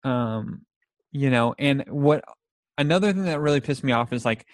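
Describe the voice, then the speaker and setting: A man in casual chat about movies, rambling and animated as he retells scenes. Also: mid-range voice, moderate pace, dry recording.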